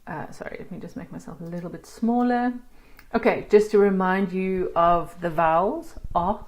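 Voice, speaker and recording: A woman's voice: fairly low pitch, normal speed. A woman teaching an online language lesson, explaining step by step in a patient, encouraging way. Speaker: Afrikaans teacher.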